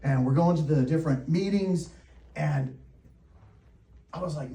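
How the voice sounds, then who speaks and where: A real estate coach with a fairly high voice tells a story to a live audience, animated and laughing often. He's unhurried and pauses a lot. The mic sits a little way off, far from him, in an echoey room.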